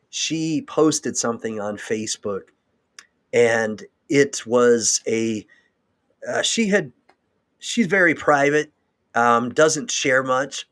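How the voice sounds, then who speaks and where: A man's voice: medium pitch, fairly bright tone. A man hosting a livestream, talking in a rambling, long-winded and emotional way. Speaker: host. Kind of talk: livestream talk.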